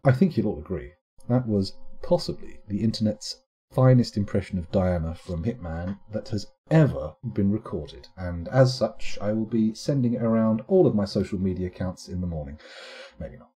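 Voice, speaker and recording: Playful man with a lively, husky voice. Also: on the low side, normal speed. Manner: playful, rambling, makes vocal sound effects. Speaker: live streamer. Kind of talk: casual live-stream chat.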